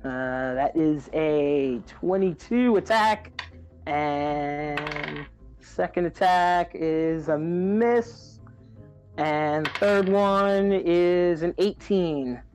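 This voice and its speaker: A man playing in a tabletop game, calmly calling out his dice rolls. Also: a little high, soft background music. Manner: unhurried, calls out dice rolls. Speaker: player. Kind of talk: casual tabletop play.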